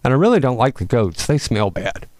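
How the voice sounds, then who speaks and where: A man's voice: medium pitch, very animated, brisk, darkish tone, no echo, studio quality, natural voice. A man voicing a young, lost and timid male deer in a storybook read-aloud, speaking meekly and plaintively. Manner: meek, plaintive.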